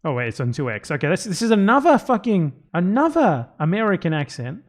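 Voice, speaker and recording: Sarcastic, animated male streamer. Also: sits high, fairly quick, faint music behind. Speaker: streamer reacting to a video. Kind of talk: casual live commentary.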